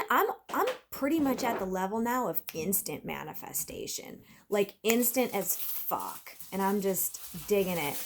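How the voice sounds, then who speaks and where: A woman's voice: mid-range voice, slight background noise. A woman in her thirties talking casually to camera in a vlog, chatty and rambling with many fillers and restarts. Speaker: vlogger.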